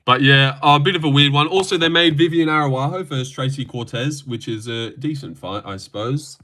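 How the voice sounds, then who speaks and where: A man with a bright, forward voice pitched a little high, riffing on a livestream. He talks in a loose, rambling way, teasing his chat with dry sarcasm and dropping swear words. The delivery stays offhand and conversational throughout. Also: expressive, moderate pace, hardly any pauses. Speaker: livestream host. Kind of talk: casual livestream chat reading viewer comments.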